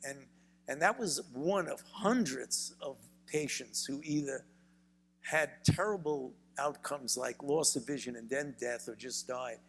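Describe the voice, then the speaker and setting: A gravelly-voiced older American with a Brooklyn, New York accent, a physician and author, shares stories as an interview guest in a university event hall. Medium-pitched and a bit bright, he speaks in a measured manner with frequent repeated words, and the big room comes through in the sound.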